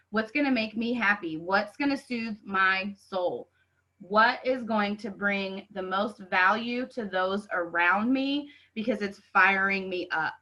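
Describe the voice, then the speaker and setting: A woman's voice: medium pitch, bright, forceful tone, poor audio. A woman hosting a motivational podcast, talking fervently and preaching self-worth. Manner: fervent, preachy, says "y'all" often. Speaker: podcast host and life coach.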